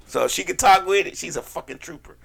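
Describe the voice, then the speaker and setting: A man's voice: high voice, quick pace, gravelly, crowd noise. A man co-hosting a casual podcast, joking crudely and laughing often. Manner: playful, crude, laughing banter. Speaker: podcast co-host.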